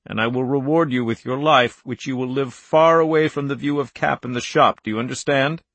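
A calm, menacing killer speaks softly and gravely, as a man reads him aloud. His voice is gravelly and the recording sounds close and dry. He takes his time over every word. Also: mid-range voice, no room sound. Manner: soft, grave, unhurried. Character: calm menacing male assassin.

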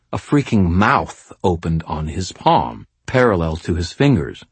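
A very deep, husky male voice reads first-person fantasy narration with a wry, measured delivery. The recording is close and bone-dry, with no room sound. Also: no room sound. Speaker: audiobook narrator.

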